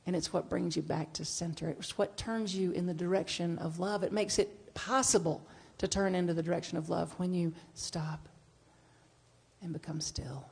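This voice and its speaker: Lady minister, middle-aged, gravelly voice, chatty sermon going soft then playful. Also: fairly low pitch, fairly quick, few pauses. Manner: animated storytelling, shifting from hushed reflection to playful bursts. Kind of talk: conversational sermon.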